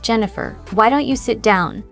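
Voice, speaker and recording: A brusque young male vampire teacher gives curt orders to his class, read aloud by a woman. His lines come short and commanding in an audiobook reading. Soft music plays faintly behind the voice. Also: on the high side, moderate pace, gravelly.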